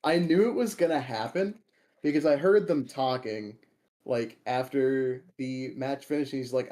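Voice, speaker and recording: Young minnesota dude on a podcast, warm mellow voice, rambles and laughs a lot. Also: male voice, mid-range voice, unhurried. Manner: laughs often, rambling storytelling. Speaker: podcast co-host and tournament player. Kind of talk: casual chat.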